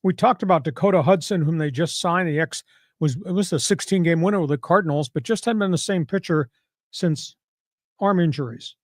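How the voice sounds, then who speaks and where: A man hosts a sports talk podcast with a brash, sarcastic edge and punchy delivery. His voice sits a little high. The sound is dry and close, with no room echo. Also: brisk.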